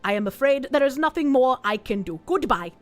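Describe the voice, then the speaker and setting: A woman plays a theatrical phone psychic with a put-on TV accent, drawing out her words in slow, solemn pronouncements. The voice sits high and swoops widely, with soft music faintly underneath. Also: animated. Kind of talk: game character voicing.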